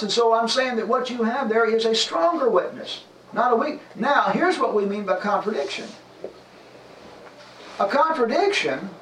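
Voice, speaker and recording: A man's voice: high voice, slight background noise. A man teaching a Bible class, explaining his point with examples and rhetorical questions. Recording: roomy sound from far off with faint ambience.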